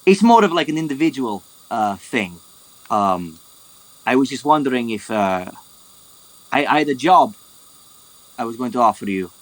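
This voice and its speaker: A man's voice: mid-range voice, big pitch swings, moderate pace, long pauses, no room sound, lightly acted, low-quality recording. A man voicing a polite, hesitant woman who keeps stopping with ums as she asks a dwarf for a private word. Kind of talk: tabletop role-play over a voice call.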